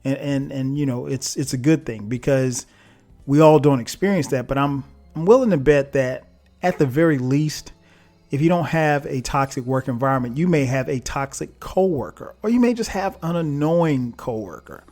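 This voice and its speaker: A man's voice: medium pitch, normal speed, darkish tone, soft background music. A man hosting his own podcast, talking in a laid-back, chatty way with frequent laughs and fillers. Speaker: podcast host. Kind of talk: casual solo podcast monologue.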